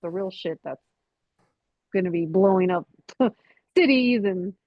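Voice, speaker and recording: A woman hosting a casual chat over a video call, animated and full of "like" and "you know". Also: mid-range voice, measured pace, no echo. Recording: dull lo-fi call audio.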